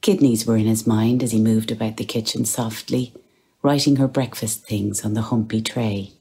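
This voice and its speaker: A woman's voice: very deep voice, steady tone, normal speed, mellow, breathy edge. A woman giving a literary reading, lingering over phrases and dropping to near-whispers. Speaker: reader.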